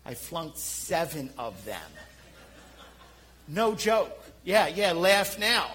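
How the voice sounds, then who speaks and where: Middle-aged philly guy preaching, high bright voice, jokes on himself a lot. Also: slow pace, poor audio. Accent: Philadelphia. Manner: animated, self-deprecating storytelling. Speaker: pastor. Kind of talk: sermon.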